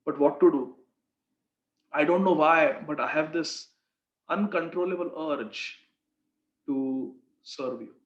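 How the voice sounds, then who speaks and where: A humble young girl begs to be allowed to serve, her voice soft and apologetic, as a male storyteller puts her on. The voice sits a little high. The recording is echoey and dull, like a lo-fi room. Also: slow, long pauses. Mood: pleading. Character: young low-born girl, humble and tearful.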